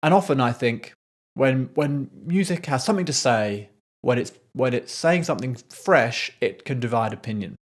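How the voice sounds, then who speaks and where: A man's voice: mid-range voice, expressive, moderate pace. A man, a composer, talking through a piece of music in casual commentary, thoughtful, with frequent restarts and sung rhythms. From Scotland.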